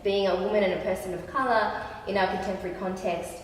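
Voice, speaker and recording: A woman makes her point in a careful, measured way, pausing on "um" now and then. The sound comes from a distance in a long-reverb hall with heavy echo and faint noise. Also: medium pitch, steady tone. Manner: thoughtful, measured, with hesitations. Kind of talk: group discussion. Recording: echoey hall, mic far off.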